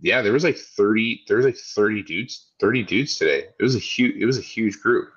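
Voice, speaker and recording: Low-voiced young dad rambling on a podcast. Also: male voice, a little fast, fairly bright tone, breathy edge, dull audio. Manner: rambling, laughs often, acts out kids' voices. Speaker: podcast co-host. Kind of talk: casual chat.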